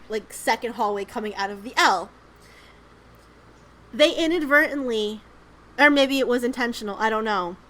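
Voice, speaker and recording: Poor audio captures a high-pitched, fairly bright woman co-hosting a podcast. In casual chat she tells rambling stories, saying "um" and "like" often and swearing freely.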